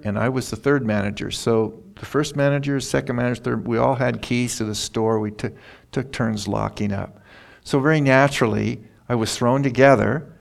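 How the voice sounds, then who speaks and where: A man's voice: mid-range voice, vocal fry, darkish tone. An older man preaching a conversational sermon, reading scripture aloud and telling stories from his own life. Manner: conversational Bible teaching with personal stories; reads scripture aloud in King James wording.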